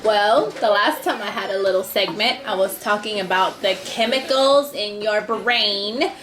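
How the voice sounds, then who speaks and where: A woman's voice: mid-range voice, measured pace, fairly bright tone, echoey room. A woman co-hosting a casual podcast who speaks candidly and reflectively about her own life. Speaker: podcast co-host. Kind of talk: casual chat.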